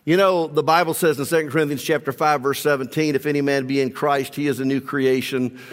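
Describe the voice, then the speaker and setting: A male pastor with a fairly high voice preaches to his congregation, leading them in call-and-response. He then turns to searching, reflective questions. His voice rings through a large church hall with a long reverb tail. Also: steady tone, a little fast. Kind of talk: sermon.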